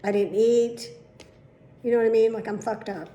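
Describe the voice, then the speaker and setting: A woman's voice: a little high, fairly even intonation, moderate pace, dark tone, roomy sound. A middle-aged woman vlogging casually, telling a long story with plenty of swearing and acted-out dialogue. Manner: chatty, swearing, retelling dialogue. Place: at home.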